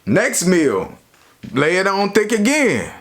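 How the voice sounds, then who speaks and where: A young man casually telling a story from his own life to his viewers, in a slangy, relaxed way. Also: sits high, slow pace. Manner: slangy, relaxed, lots of "you know". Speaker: YouTuber.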